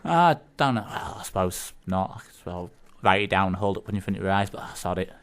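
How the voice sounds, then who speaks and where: Rambling lower-voiced radio host. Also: male voice, lively intonation, fairly quick, clean tone. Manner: rambling, hesitant, lots of ums. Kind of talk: casual radio chat. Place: radio studio.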